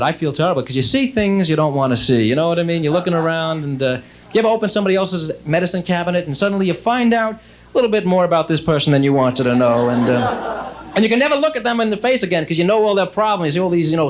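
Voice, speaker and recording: A young man doing a stand-up routine on stage, chatty, with quick asides and frequent self-interruptions. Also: high voice. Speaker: stand-up comedian. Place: stage before a laughing audience.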